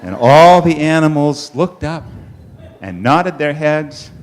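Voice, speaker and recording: Man, church storyteller, lively up-and-down delivery, dramatic pauses. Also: a little high, a little hiss or hum. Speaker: storyteller at a congregation service. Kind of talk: children's story told at a worship service.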